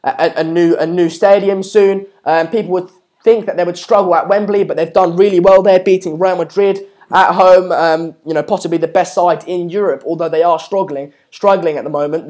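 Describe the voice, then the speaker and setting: A man's voice: high-pitched, a little mellow. Chatty young man hosting a football watchalong. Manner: chatty, lots of ums, urges viewers to subscribe. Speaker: live stream watchalong host. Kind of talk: live football watchalong commentary, reading chat.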